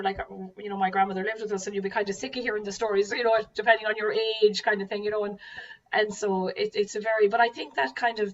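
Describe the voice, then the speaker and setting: A woman from rural Ireland hosts a conversation, thinking aloud with lots of "like" and "you know". Her voice is mid-pitched. She sounds set back from the mic, with a dull, muffled tone. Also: distant mic. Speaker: host. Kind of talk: casual interview talk.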